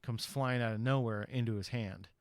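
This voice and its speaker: A man's voice: mid-range voice, fairly even intonation, moderate pace, no room sound. A man on a podcast casually retelling a horror movie's plot in a rambling way, acting out the characters' lines and swearing loosely. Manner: loose, profane slang. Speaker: podcast host.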